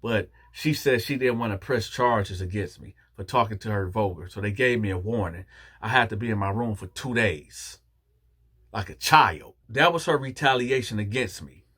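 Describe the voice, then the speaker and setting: A man hosting his channel, telling a story in a casual monologue with animated delivery, talking straight to his viewers. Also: fairly low pitch, normal speed, breathy edge. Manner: animated, addresses viewers directly.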